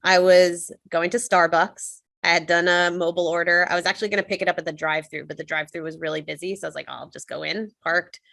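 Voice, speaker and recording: A woman's voice: fairly low pitch, steady tone, fast, gravelly, hardly any pauses, fairly bright tone, no room sound. A woman sharing a personal reflection in an earnest, conversational way, with many fillers.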